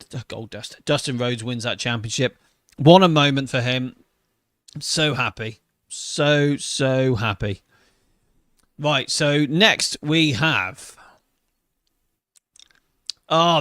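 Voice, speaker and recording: A man's voice: mid-range voice, fairly bright tone, no room sound, studio quality. A man, hosting a casual wrestling podcast. He talks with enthusiasm and emotion and swears freely. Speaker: podcast host. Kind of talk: casual wrestling review chat.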